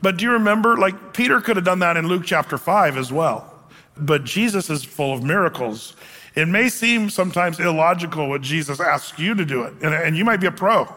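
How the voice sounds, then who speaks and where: A man's voice: fairly high pitch, lively intonation, fairly quick, pushed and bright, long reverb tail. A male pastor preaching a sermon, explaining scripture in a casual, conversational way with everyday asides.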